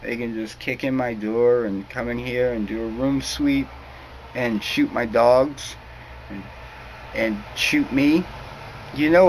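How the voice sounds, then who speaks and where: A man's voice: mid-range voice, a little mellow, slight background noise, poor audio. A young man from New England in a rambling, heated, profane monologue to camera. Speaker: vlogger.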